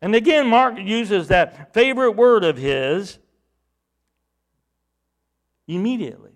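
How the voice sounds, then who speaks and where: A man preaching a sermon, reading out scripture and breaking into loud, emphatic bursts as he explains it. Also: sits high, unhurried. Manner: animated Bible exposition, rising to loud emphatic bursts.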